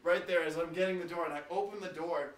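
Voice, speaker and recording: A teenage man chatting casually with friends. His voice sits a little high, and he tells stories with animation and frequent laughter. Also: fast talker. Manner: animated storytelling, laughing often. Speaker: co-host. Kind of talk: casual chat.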